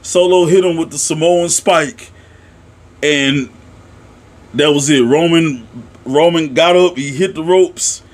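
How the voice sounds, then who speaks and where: A young man excitedly recapping a wrestling show in a casual, profane, animated way, jumping to shouts at the big moments. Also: on the high side, slow, pauses often. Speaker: wrestling reaction vlogger.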